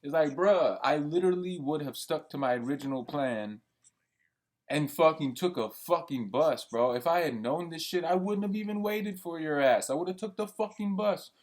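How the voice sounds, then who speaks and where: A man's voice: on the high side, moderate pace, darkish tone. A young man ranting in a heated, profane, rambling monologue. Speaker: vlogger. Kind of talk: venting monologue.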